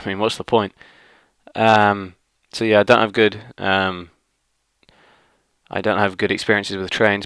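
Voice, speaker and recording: Man, vlog rant, low smooth voice, dry close mic, rambling and fed up. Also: sharp tone, no echo. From northwest England. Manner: grumbling and exasperated, rambling with many fillers. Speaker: vlogger. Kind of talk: casual ranting monologue.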